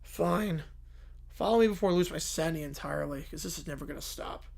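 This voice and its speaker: A man voicing a grumpy adult who is fed up with a group of whining kids, speaking gruffly and dryly. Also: on the high side, quick pace. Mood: exasperated. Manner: gruff, exasperated, deadpan.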